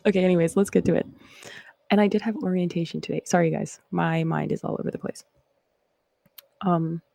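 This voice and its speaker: A woman's voice: lowish voice, creaky, dark tone, no room sound. A woman from Canada with a Canadian accent, hosting a casual livestream chat in a rambling, reflective way. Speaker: host.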